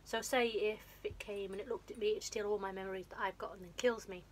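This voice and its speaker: A woman's voice: mid-range voice, fairly even intonation, fast talker, a little hiss or hum. A woman casually retelling a film's plot in a rambling, self-deprecating way, with a runny nose. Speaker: vlogger. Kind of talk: casual film recap.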